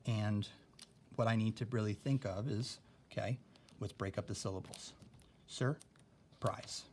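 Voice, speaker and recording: A young male teacher, with a slightly low voice, walks through a spelling lesson at a patient, careful pace and keeps checking in with "okay?". A faint hiss sits under the recording. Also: fairly even intonation, normal speed, a little mellow.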